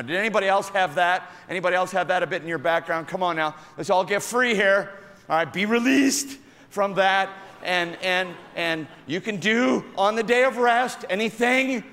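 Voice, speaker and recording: Gravelly male pastor preaching. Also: on the high side. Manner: animated, calls out to the congregation. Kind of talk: sermon. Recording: echoey hall.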